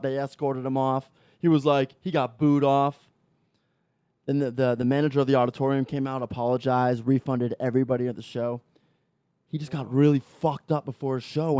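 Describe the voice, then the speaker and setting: A man's voice: mid-range voice, warm tone, clean tone, no echo. A man hosting a comedy podcast, talking in crude, swearing, teasing improv banter. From Cuban and Jewish family. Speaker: podcast host.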